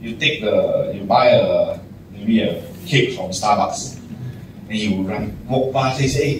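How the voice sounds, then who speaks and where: A man's voice: fairly low pitch, takes it slowly. A man, a general manager giving a casual motivational talk to staff, acting out little scenes and laughing often. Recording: echoey room, distant mic, noisy.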